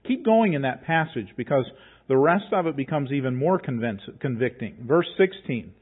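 A man's voice: medium pitch, expressive, normal speed, slightly rough. A man preaching a sermon to his congregation in a conversational, emphatic way, reading scripture aloud and pressing his points home. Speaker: pastor. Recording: tinny phone-like sound.

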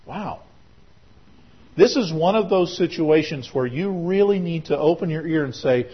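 A male pastor with a husky, mid-range voice preaches at a moderate pace, earnestly explaining his points and sometimes restarting his words. The recording is dull and lo-fi.

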